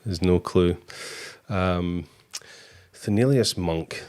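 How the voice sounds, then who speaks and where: A man hosting a casual live-stream interview, relaxed and easygoing with plenty of fillers. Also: low-pitched, slow. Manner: relaxed, filler-heavy, chuckles. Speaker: host.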